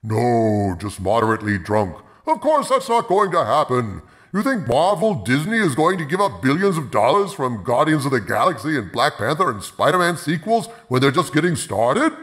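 A man's voice: mid-range voice, very animated, moderate pace, hardly any pauses, fairly bright tone. A man hosting a movie review in a pompous villain persona, speaking grandly of himself in the third person. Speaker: host of a movie review show. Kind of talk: theatrical villain-persona commentary.

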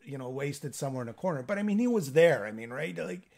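Interviewer guy, a bit high voice, easygoing questions. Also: animated, fast talker, creaky, a little mellow. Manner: brief affirmations, conversational questions. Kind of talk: casual interview.

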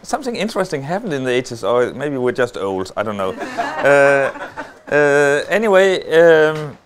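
A middle-aged Danish man speaking on a stage at a conference, telling a story with wry humor and many halting filler sounds. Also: mid-range voice, very animated, a little hiss or hum. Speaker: lecturer. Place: on a stage before an audience.

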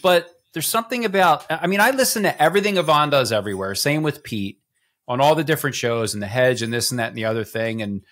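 A fast-talking man with a medium-pitched voice co-hosts a podcast during a casual group conversation. He's animated and rambling, with plenty of filler words and self-deprecating remarks.

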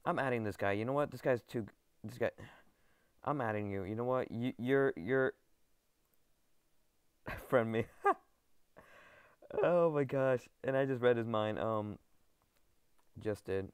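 A man records gameplay commentary in a dry, close-miked sound with no room around his voice. His voice is smooth and clear. He tumbles over his words, stammering and repeating phrases as he talks straight to his viewers. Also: mid-range voice, unhurried, pauses often, no room sound. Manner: overexcited, stammering, repeats himself, addresses viewers as guys. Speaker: gaming video creator.

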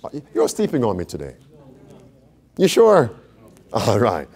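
A man's voice: lowish voice, huge pitch swings, a little slow, gravelly, a little mellow, slightly rough. A man preaching an interactive Bible study, quizzing his audience and repeating key phrases for emphasis. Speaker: preacher teaching a Bible class.

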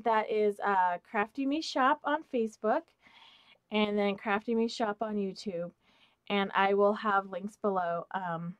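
A woman hosting an off-camera craft haul vlog, gushing with excitement and often dropping to a soft, breathy hush as she looks over each item. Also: fairly high pitch, no echo, highs cut off. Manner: gushing, excited, repeats "oh my gosh". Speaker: craft channel host. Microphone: close mic, off camera.

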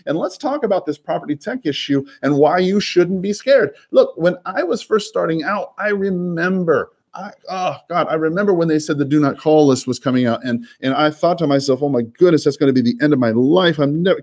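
A man working as a real estate broker, coaching in a quick, chatty way and often repeating words and laughing. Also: a little high, a little mellow. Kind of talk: coaching talk with live cold calls.

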